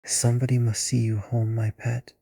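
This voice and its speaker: A man voicing a vain, doting aging actress in a breathy whispered role-play. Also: medium pitch, level tone, normal speed, dark tone, no echo.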